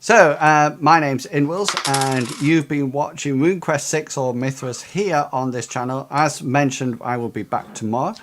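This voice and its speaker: A man hosting an online tabletop game stream as game master, speaking haltingly with many fillers as he wraps up. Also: mid-range voice, background noise.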